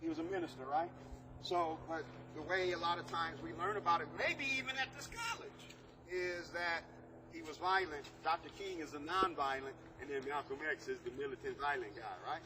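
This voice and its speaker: A man's voice: a little high, lively intonation, a little fast. A man mentoring a group outdoors, talking emphatically and drawing responses from his listeners. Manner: emphatic, calls for audience responses. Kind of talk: interactive workshop talk. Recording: outdoor noise with passing traffic.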